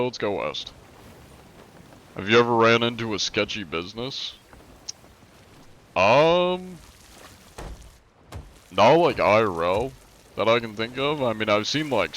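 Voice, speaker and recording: A man's voice: lowish voice, fairly bright tone, a little hiss or hum. A man from the United States chatting casually on a live game stream, joking as he answers chat questions.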